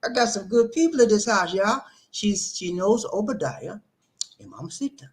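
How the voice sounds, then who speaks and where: A man hosting a live stream, giving casual relationship advice and reading viewer comments. He talks in an animated, preachy way, repeats himself for emphasis and speaks straight to his viewers. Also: high voice, moderate pace. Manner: animated and repetitive, preachy, addresses viewers directly. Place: living in the Philippines.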